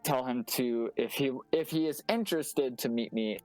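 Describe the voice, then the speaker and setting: A man voicing his character in a tabletop game, halting and stammering as he talks. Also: medium pitch, darkish tone, soft background music. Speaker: player. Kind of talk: in-character tabletop role-play.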